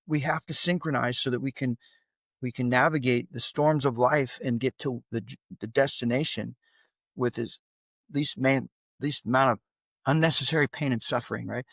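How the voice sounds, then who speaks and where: A middle-aged man talks as a guest in an interview and tells long stories in an animated way. His pitch swings upward when the memory turns heated. The recording is dry and close to the mic. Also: normal speed, creaky, dry recording. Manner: animated storytelling, voice climbs when recalling anger. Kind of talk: interview conversation.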